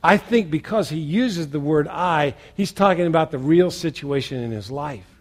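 Male pastor, conversational sermon delivery, fairly high voice, loud emphasis then quiet asides. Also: animated, moderate pace. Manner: conversational preaching with rhetorical questions.

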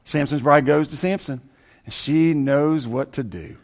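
A male pastor preaching a sermon, telling a story with dramatic swings from loud bursts to hushed lines and dry sarcastic asides. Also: a little high, lively intonation, normal speed.

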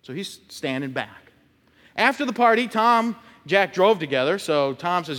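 A man's voice: high-pitched, lively intonation, measured pace, a bit bright. A male pastor preaching a conversational sermon, telling stories and acting out short quotes. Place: church sanctuary. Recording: long church reverb.

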